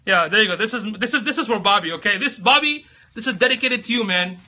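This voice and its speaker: A man's voice: high-pitched, animated, quick pace, pushed and bright. A man hosting a casual livestream, chatting with viewers by name and laughing often. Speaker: livestream host.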